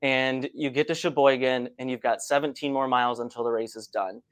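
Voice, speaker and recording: Host: man, mid pitch, easygoing storyteller, friendly questions. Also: steady tone, a little fast. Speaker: podcast host, runner. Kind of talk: casual conversational interview.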